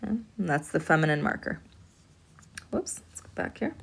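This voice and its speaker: A woman's voice: sits low, very animated, vocal fry, husky. Woman teaching with patient repetition. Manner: patient, repeats words slowly and checks in with "okay?". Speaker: Arabic teacher. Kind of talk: recorded online lesson.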